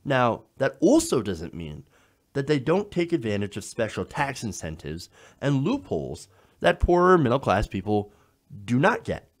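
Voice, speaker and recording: A man's voice: mid-range voice, wildly swooping pitch, normal speed. A man hosting a political commentary show, explaining in an emphatic style and often checking in with the listener. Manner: emphatic, explanatory, frequent "now" and "okay?" checks.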